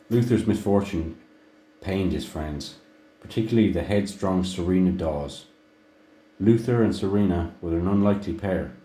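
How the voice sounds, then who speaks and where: A man reading a book aloud in a measured way, now and then restarting a phrase. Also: deep voice, warm tone. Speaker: audiobook reader. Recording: echoey room.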